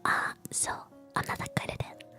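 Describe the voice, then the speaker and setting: A woman's voice: moderate pace, bright, forceful tone, soft background music. A woman streamer in a whispered chat stream, talking playfully and teasingly with her lips close to the microphone.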